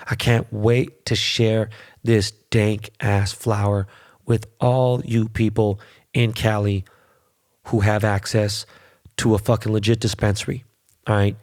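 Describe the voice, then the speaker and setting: A man's voice: on the low side, darkish tone. A middle-aged man hosting his own podcast alone, ranting in a profane, boastful way. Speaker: podcast host. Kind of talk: solo podcast monologue.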